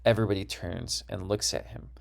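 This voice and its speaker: A man's voice: sits low, fairly even intonation, brisk, vocal fry. A man with a Wisconsin accent giving a recorded course lecture, explaining ideas and checking in with "right?".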